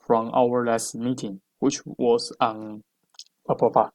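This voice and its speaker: A man reads business phrases for his tutor. He speaks slowly and haltingly, filling gaps with many uhs, and his voice sits at a middle pitch. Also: flat delivery, darkish tone, low-quality recording. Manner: hesitant, many uhs and restarts. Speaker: English student. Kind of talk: reading practice phrases aloud.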